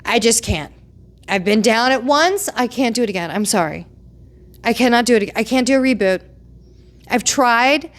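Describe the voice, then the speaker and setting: A woman giving casual, opinionated commentary on reality TV, chatty and animated. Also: a little high, normal speed, long pauses. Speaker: pop culture commentator.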